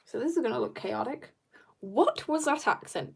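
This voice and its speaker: A woman's voice: on the high side, expressive, normal speed, gravelly, breathy edge. A young woman chatting casually while drawing on a livestream, bubbly and joking as she reads viewer comments. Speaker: art livestreamer.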